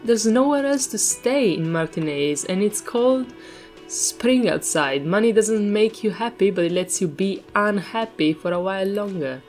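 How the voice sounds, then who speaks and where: A woman's voice: medium pitch, a little mellow, close to an everyday voice. A woman reading the lines of a sarcastic, grumpy male hostel manager from a video game aloud. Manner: sarcastic, scolding.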